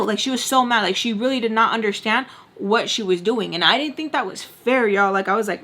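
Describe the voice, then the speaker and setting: A woman's voice: fairly high pitch, moderate pace, few pauses, fairly bright tone. A young adult woman vlogger telling a storytime while doing her makeup, talking emphatically and saying "like" a lot, with murmured asides. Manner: emphatic, peppers talk with "like", drops to murmured asides.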